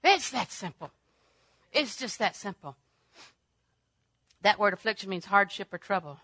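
A woman preacher delivering a sermon with dramatic swings between loud, emphatic declarations and hushed, almost whispered passages. She repeats phrases for effect and keeps a middle pitch. The sound is dry, with no room echo. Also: animated, unhurried, long pauses, breathy edge.

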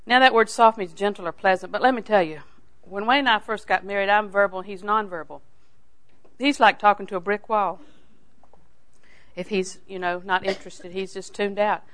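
A woman's voice: medium pitch, moderate pace. Folksy older woman preaching. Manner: folksy and animated, swings from loud emphasis to hushed asides. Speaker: Bible teacher. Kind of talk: sermon.

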